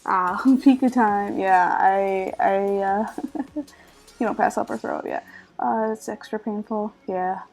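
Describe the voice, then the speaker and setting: A woman chatting casually with viewers while drawing on a live stream, her voice a little scratchy and groggy, relaxed and laughing often as she focuses on her work. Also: medium pitch, slow pace, vocal fry, soft background music. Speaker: art streamer.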